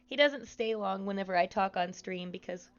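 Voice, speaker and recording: A woman live streaming from the office room of her apartment over a headset mic, chatting slowly and softly with viewers and cooing to her pet. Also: mid-range voice, dull audio, faint music behind. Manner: slow, soft-spoken and chatty, cooing baby talk to her pet. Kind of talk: casual live-stream chat. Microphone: headset microphone.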